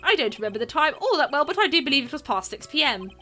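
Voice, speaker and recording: A woman's voice: high-pitched, big pitch swings, fast talker, pushed and bright, faint music behind, voice pushed up, full character voice. A woman doing a pompous posh young man. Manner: haughty, long-winded, theatrical. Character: pompous posh young male drifter student.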